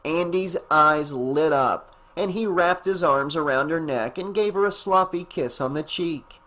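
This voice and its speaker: Male audiobook narrator, slightly higher voice, steady, even storytelling. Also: a little slow. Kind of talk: scripted narration.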